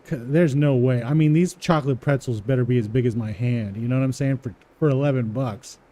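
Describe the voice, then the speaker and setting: A man walking through a coding exercise, repeating words aloud slowly as he types them and chuckling to himself. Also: medium pitch, mellow. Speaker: coding tutorial presenter. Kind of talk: casual live coding walkthrough.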